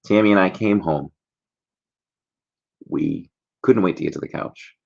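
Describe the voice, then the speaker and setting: Deep gravelly man hosting livestream trivia. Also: measured pace, darkish tone, dull audio. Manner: chatty, rambling, jokey. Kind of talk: casual livestream chat.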